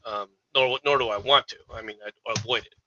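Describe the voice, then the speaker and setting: A man's voice: lowish voice, steady tone, fairly quick, lo-fi sound, heavy background noise. A man co-hosting a stream, arguing history in a heated casual debate and cutting in often. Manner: argumentative, interrupting.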